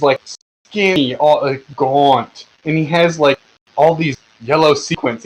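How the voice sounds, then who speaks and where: This man's medium-pitched voice comes through poor audio as he narrates a tabletop game over voice chat as game master. His narration rambles, full of fillers and restarts.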